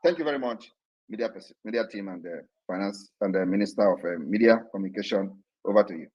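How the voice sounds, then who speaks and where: A man giving a defiant, impassioned political address to supporters, shouting at times. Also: fairly low pitch, quick pace, husky, lo-fi sound. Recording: online audio room broadcast.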